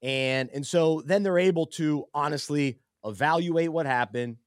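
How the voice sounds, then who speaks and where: His voice is fairly high and unhurried, captured in clean studio sound with no room echo. Co-hosting a relaxed sports show that brings in faith, he's sincere and reflective and frequently starts his sentences over.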